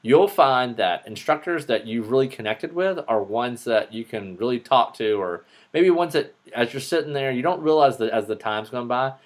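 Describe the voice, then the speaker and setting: A man teaching public speaking in a recorded online lecture, talking a little fast and dropping joking asides. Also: medium pitch.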